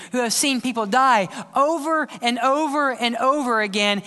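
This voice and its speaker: Preaching man in a reverberant hall. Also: extremely high pitch. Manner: dramatic swings from loud cries to hushed whispers. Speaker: pastor. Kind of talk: sermon. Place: large church hall. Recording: long church-hall reverb.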